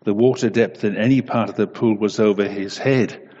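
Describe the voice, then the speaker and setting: A man giving a devotional talk with an illustrative story, then a soft, gentle prayer. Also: fairly low pitch, steady tone, normal speed. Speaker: preacher. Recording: muffled echoey hall.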